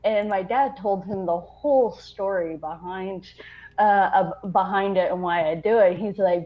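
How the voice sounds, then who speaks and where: Woman, veteran podcast co-host, unhurried storyteller who laughs and swears, muffled lo-fi sound. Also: mid-range voice. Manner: laughing, swearing anecdote-teller. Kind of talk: casual storytelling chat.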